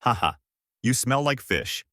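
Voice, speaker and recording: A man's voice: medium pitch, very animated, a little slow, pushed and bright, dry recording, studio quality. A man voicing a cheerful, carefree young fighter who talks in a friendly, easygoing way.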